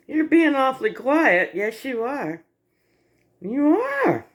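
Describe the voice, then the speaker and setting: Slow, cooing woman talking to her pet. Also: high voice, sing-song. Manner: doting, cooing baby talk to an animal. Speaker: pet owner filming her pet. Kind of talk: home video pet chat.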